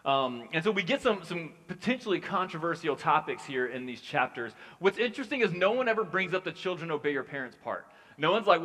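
A man's voice: on the high side, animated, a little fast, a bit bright. A man preaching as pastor in a casual sermon, chatty and joking in his asides. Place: church hall. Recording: long hall reverb.

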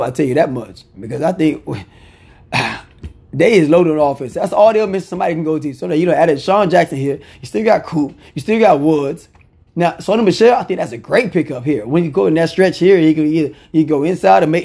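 Rattling off football betting picks, this commentator has a fairly high, gravelly voice with a darkish tone. He keeps things loose and conversational, offering casual, opinionated takes and hammering his point with repeated short phrases.

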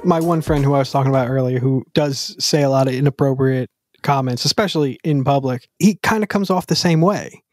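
A man's voice: mid-range voice, brisk, hardly any pauses, darkish tone, faint music behind. Blunt plainspoken male co-host. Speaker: podcast co-host. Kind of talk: casual chat.

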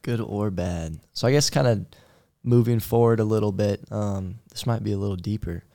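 A young man with a slightly low voice asks questions and keeps chiming in with quick agreements. The sound is close and dry. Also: warm tone, no room sound. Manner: affirming, with frequent quick agreements. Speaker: student co-interviewer. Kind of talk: casual interview questions.

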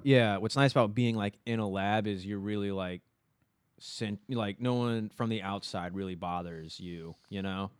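Laid-back young man, smooth dry voice. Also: on the low side, dry recording. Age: 20s. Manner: laid-back, halting with many fillers and swearing. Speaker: podcast co-host. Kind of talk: casual chat.

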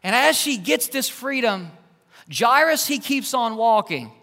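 Bright high-voiced man preaching in a hall. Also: measured pace. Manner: animated, emphatic storyteller who swings between loud and hushed. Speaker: pastor. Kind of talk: sermon with personal storytelling. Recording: long church-hall reverb.

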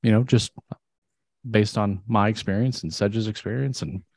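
A man's voice: fairly low pitch, steady tone, normal speed, darkish tone, no room sound. A man co-hosting a casual podcast, rambling with lots of fillers and restarts. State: out of breath. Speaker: podcast co-host. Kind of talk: casual chat.

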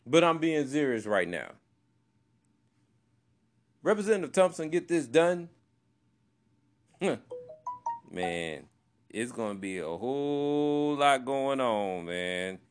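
A man's voice: medium pitch, animated, slow, clear, resonant tone. A man hosting his own podcast, talking loosely and chatting away, with "man" in nearly every sentence. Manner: loose and chatty, says "man" constantly, many fillers. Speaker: podcast host. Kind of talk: casual solo podcast talk.

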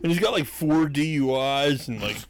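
A man's voice: on the high side, expressive, normal speed, no echo. Profane man teasing and ranting. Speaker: podcast co-host. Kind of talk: crude casual banter.

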